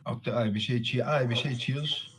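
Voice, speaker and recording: A Scottish man being interviewed explains local slang in casual chat, blunt and sweary, often tossing in "you know what I mean." His mid-range voice moves at a measured pace, with crowd noise behind him.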